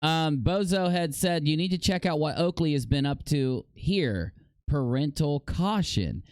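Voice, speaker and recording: A man's voice: lively intonation, a little slow, no echo, clean studio sound. A man hosting a casual livestream, reacting with dramatic mock outrage and repeating himself. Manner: dramatic mock outrage, jumping to loud high shouts. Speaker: livestream host.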